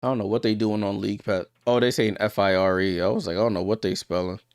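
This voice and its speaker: Man, live watchalong host, smooth clear voice, dry close sound, casual play calls. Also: fairly low pitch, fairly even intonation, fast talker, no echo. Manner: chatty, talks straight to viewers, gets louder on big plays. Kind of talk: casual live game commentary.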